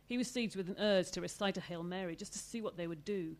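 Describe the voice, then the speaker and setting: A woman author reading aloud from her own novel in a measured, expressive way. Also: lowish voice.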